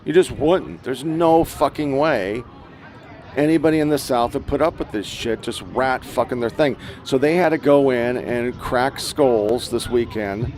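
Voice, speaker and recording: A man's voice: medium pitch, measured pace, darkish tone. A man from the United States hosting a political podcast, ranting crudely and with exasperation while playing clips. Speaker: podcast host. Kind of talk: profane political commentary.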